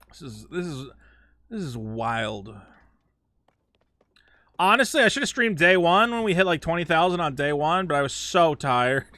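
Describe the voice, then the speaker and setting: This is an excitable man talking casually to viewers as he plays a game live, stumbling over restarts and swearing frequently. His voice sits at a medium pitch, and the recording is dry.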